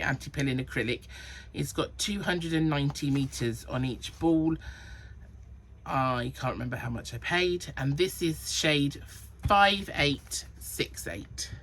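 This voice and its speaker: Her voice is deep and a touch bright, with a faint hiss or hum in the recording. She's a woman from Cornwall running a knitting podcast, talking casually about what she's making while quietly counting rows and sizes.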